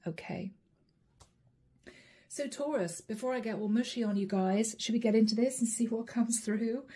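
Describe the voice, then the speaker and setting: Woman tarot reader, breathy and mellow, pitched a bit high, casual and emotional storyteller. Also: moderate pace. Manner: emotional, intimate, storytelling with soft asides. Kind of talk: casual spoken tarot reading.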